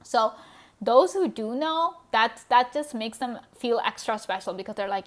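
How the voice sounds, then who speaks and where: Woman tarot reader, chatty and gushing, fairly high voice. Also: expressive, moderate pace. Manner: chatty, gushing, with frequent fillers and laughs. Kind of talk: pick-a-card tarot reading.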